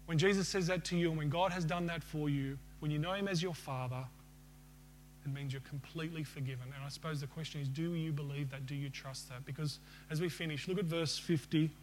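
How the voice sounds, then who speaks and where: Man, preacher, sermon with questions to the congregation, slightly high voice, light hum behind. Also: steady tone, brisk. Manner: asks the congregation questions and leads a closing prayer.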